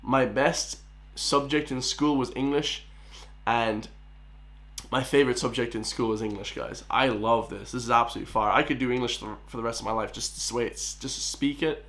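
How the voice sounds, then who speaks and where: Excitable young Irish man reacting. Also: mid-range voice, normal speed. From Ireland. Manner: excitable, rambling, lots of "like" and "guys". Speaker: reaction video host. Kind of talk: casual reaction chat.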